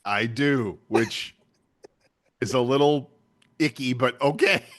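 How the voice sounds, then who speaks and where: A man's voice: mid-range voice, slow pace, fairly bright tone. An older man co-hosting a podcast, chatty and often laughing. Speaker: podcast co-host. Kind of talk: casual chat.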